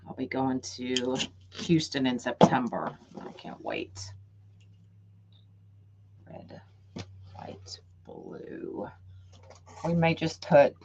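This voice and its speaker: A woman's voice: low-pitched, expressive, normal speed, a little hiss or hum. Woman, middle-aged, craft livestream host, chatty, thinks aloud, muffled lo-fi sound. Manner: chatty, talks to viewers by name, thinks aloud. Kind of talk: casual livestream chat while crafting.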